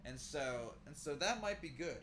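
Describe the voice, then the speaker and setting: A man's voice: a little high, lively intonation, moderate pace, fairly bright tone, slight background noise. A man co-hosting a podcast in a loose, rambling casual chat, swearing freely. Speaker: podcast co-host.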